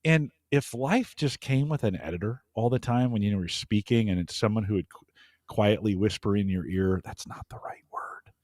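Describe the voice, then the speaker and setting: A man from the United States with a lowish voice, chatting on a podcast in a dry, close sound. He talks reflectively, laughs easily and second-guesses his own points. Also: moderate pace, a little mellow, no room sound. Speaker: podcast host. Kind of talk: casual chat.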